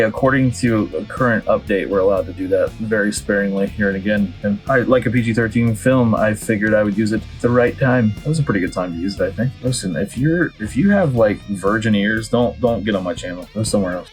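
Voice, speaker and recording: A man's voice: on the low side, a little fast, few pauses. A man, rambling casually and joking as he works on a drawing. He is laid-back, often breaks off mid-sentence, and faint guitar music plays underneath. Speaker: artist making a drawing video. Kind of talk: casual chat while drawing. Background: faint guitar background music.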